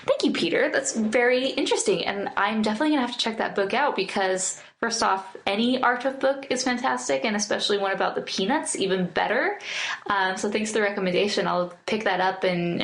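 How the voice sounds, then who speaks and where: Upbeat woman co-host, relaxed conversational podcast read. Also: mid-range voice, fairly quick. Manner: chatty, upbeat, laughs easily. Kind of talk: casual podcast chat, reading listener mail.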